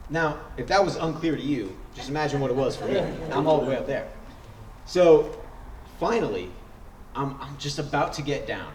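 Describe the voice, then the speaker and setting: A man's voice: on the high side, expressive, fairly quick, a little hiss or hum. Man telling a story in an echoey hall. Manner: wry, humorous, building suspense. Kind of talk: live personal storytelling. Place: stage in a large hall. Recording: echoey hall, picked up from a distance.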